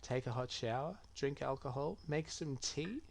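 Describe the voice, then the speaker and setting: A man's voice: mid-range voice, moderate pace, a little hiss or hum. A man streaming a game playthrough, muttering and reading chat messages aloud as he reacts. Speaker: gaming streamer. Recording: keyboard typing clearly heard. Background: keyboard clicks and typing.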